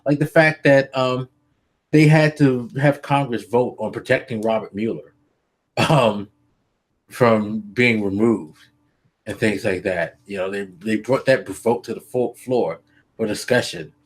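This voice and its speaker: A man co-hosting a casual political podcast, earnest and hesitant, pausing on frequent ums as he works through his points. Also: lowish voice. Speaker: podcast co-host.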